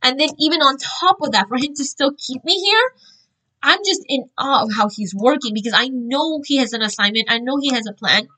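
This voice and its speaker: A woman earnestly sharing a religious testimony, telling her story in an animated, informal way with frequent fillers and restarts. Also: high voice, fairly quick, rough recording.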